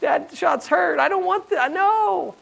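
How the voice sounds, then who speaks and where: A man's voice: extremely high pitch, slow pace, vocal fry, a bit bright, pitched above the performer's own voice, heavily acted. A man doing a whiny little girl. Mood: pleading. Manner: pleading, whining refusals. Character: whiny five-year-old girl refusing a shot.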